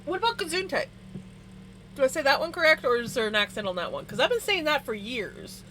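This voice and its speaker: A woman with a high, very animated voice talks briskly in a sharp tone, chatting casually with livestream viewers as she spins wool. She's giggly, laughing often between words, and the poor audio from her streaming setup has a little hiss or hum.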